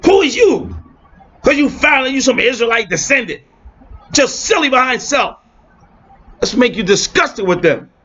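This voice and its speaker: A man's voice: very high-pitched, lively intonation, moderate pace. Fired-up man ranting on a muffled recording. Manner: swings between shouting and muttering; streetwise, mocking, colloquial. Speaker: religious video blogger. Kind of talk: impassioned religious rant. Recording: muffled lo-fi with faint hiss.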